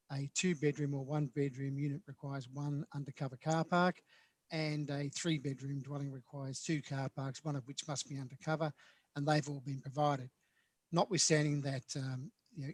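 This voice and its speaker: A man giving measured, formal planning advice at a council meeting over a remote call, with many fillers. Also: on the high side, no echo. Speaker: acting planning manager.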